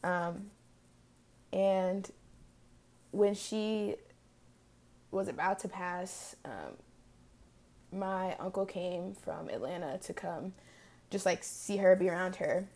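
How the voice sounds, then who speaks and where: A woman's voice: lowish voice, takes it slowly, long pauses, a little mellow. A woman in her early twenties hosting a podcast, telling a personal story about loss in a casual, reflective way with many fillers. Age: early 20s. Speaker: podcast host.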